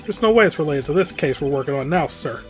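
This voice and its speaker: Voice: mid-range voice, lively intonation, fast, natural voice. A game player voicing a blunt, good-natured male police detective who defers to his superior, with game music behind. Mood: deferential. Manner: blunt, deferential, calls everyone sir.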